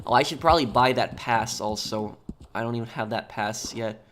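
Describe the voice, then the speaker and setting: This rambling New York man streams games and chats casually as he plays. His mid-range voice is fairly bright, there's slight background noise, and he speaks haltingly, repeating words as he thinks.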